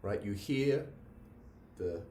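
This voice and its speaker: A man's voice: on the low side, lively intonation, slow pace, mellow, a little hiss or hum. A man giving a logic lecture in a classroom, often restarting phrases and checking in with "right?". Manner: repeats himself, checks in with "right?". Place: classroom with a board. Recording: echoey room, mic at a distance.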